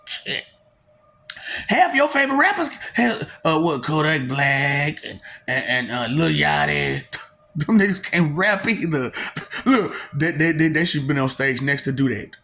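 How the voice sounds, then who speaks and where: A man doing a rambling comedic monologue, laughing often, swearing and taunting, dropping to low mutters and jumping to high excited bursts. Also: a little slow, vocal fry. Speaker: vlogger.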